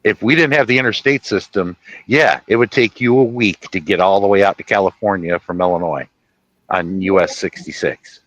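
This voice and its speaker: Low-voiced guy from ohio, dry close sound, rambling, catches his own mistakes. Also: normal speed, a bit bright, no room sound, lo-fi sound. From Ohio, USA. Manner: rambling, correcting himself mid-sentence. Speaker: livestream host. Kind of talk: casual livestream chat.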